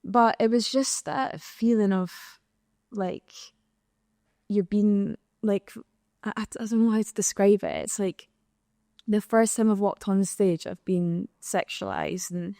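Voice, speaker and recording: A woman's voice: mid-range voice, fairly even intonation, slow pace, dark tone, no room sound, clean studio sound. A young Scottish woman, a singer, telling stories candidly in a live panel conversation, acting out the exchanges she quotes. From Scotland. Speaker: singer and guest. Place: live podcast recording in an arts venue.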